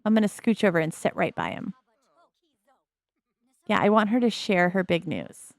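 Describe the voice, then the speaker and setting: A woman's voice: medium pitch, very animated, normal speed, dry recording, studio quality. A middle-aged woman casually commenting on a life-simulation game, chatty and wry, laughing often and slipping into character voices. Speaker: let's play host.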